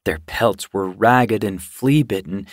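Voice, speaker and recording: A man reading an audiobook in scripted, measured narration. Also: fairly low pitch, no echo, clean studio sound. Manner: measured, unhurried storytelling.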